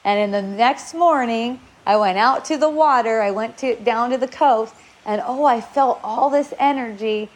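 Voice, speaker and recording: A woman's voice: a little high, moderate pace, hardly any pauses. A middle-aged woman giving a casual spiritual talk, rambling and repeating her words as she goes. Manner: rambling, repeats words, acts out shouts and quotes.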